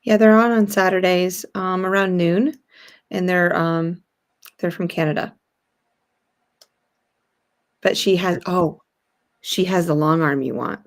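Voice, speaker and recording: A woman's voice: lowish voice, steady tone, slow, pauses often. A woman from New York with a New York accent, co-hosting a casual sewing livestream in an easygoing way. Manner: easygoing, lots of agreeing murmurs. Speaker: co-host.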